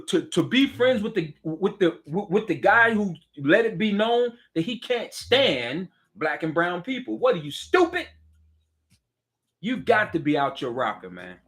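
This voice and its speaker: A man's voice: sits high, a bit bright. Fiery man on a political rant. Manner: fiery, preachy, repeats himself, asks the listener direct questions. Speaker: political commentator.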